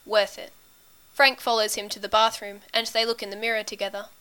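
A woman reads a story aloud in a steady, intimate way. Her voice is bright and crisp, sitting a little high, and very smooth. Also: quick pace. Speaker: reader. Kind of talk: audiobook story narration.

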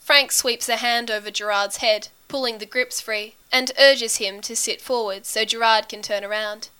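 A woman narrating a story as an audiobook reader, in a steady, intimate storytelling manner. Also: a little high, moderate pace, clean tone.

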